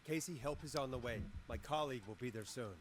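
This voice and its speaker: A man voicing a calm late-night male radio DJ in a video game, with a steady broadcast delivery. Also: mid-range voice, fast, close to an everyday voice. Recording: game audio with clear hiss.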